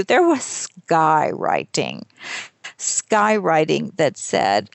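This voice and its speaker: Gravelly-voiced woman telling stories. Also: mid-range voice, slow pace, no room sound. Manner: animated storyteller who laughs often and acts out quotes. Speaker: author and speaker, podcast guest. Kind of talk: storytelling interview talk.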